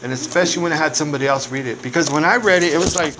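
A man with a rather high voice talks very fast, sharing a candid recovery testimony full of casual swearing and conversational asides. The recording is noisy, with background noise throughout.

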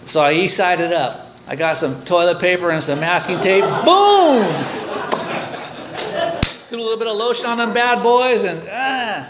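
A man's voice: sits high, a little fast, hardly any pauses, very noisy. Older man telling a funny recovery story. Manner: animated, chuckling storyteller who acts out his own reactions. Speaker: speaker sharing at a recovery meeting. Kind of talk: humorous personal storytelling.

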